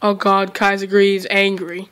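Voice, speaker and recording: A young woman reacting out loud to a video she is watching, excitable and giggly, talking back at the screen. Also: medium pitch, normal speed, smooth. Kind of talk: casual reaction commentary.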